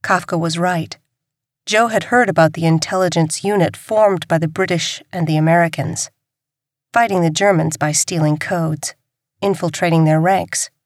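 A woman reading a crime novel aloud in a measured, steady storytelling manner. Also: on the low side, no room sound, studio quality. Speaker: audiobook narrator. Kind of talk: scripted narration.

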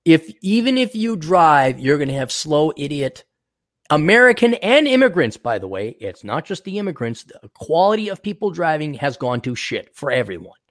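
A man's voice: on the high side, sing-song, normal speed, dry recording, studio quality. A man hosting a podcast in casual chat, ranting crudely and mocking. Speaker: podcast host.

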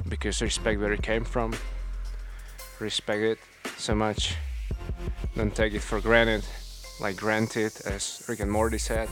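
A young man from a small post-communist industrial town, speaking non-native English with North American touches in a rambling, slangy vlog monologue on a new home microphone. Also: fairly low pitch. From small industrial town in a former communist country. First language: not English. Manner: rambling, slangy, laughs to himself. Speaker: vlogger.

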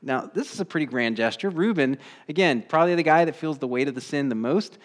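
A man's voice: on the high side, lively intonation, quick pace. Conversational male pastor preaching a sermon. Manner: conversational, asks the congregation rhetorical questions; acts out quoted voices with bursts of energy.

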